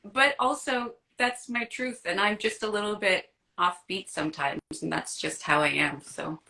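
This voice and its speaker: A giggly woman guest talks candidly in a casual live-stream chat, with a bright, forward tone. She laughs easily at herself, speaking over a phone or computer mic. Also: medium pitch, fairly even intonation, moderate pace, creaky, rough recording. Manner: giggly, candid and self-deprecating. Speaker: guest artist.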